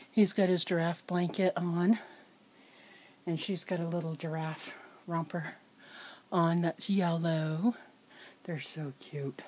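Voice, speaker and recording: Slow-talking doting doll-collector woman. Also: deep voice, dark tone, breathy edge. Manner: chatty, doting, halting with fillers and restarts. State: a little out of breath. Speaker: reborn doll collector, channel host. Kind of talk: casual show-and-tell vlog. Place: home nursery room, indoors.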